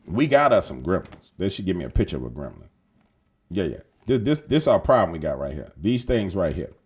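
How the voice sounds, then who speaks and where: A man's voice: low-pitched, big pitch swings, fairly quick, a little mellow, slightly rough. A man hosting casual news commentary, slangy and emphatic, swearing and repeating himself as he rambles. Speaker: show host.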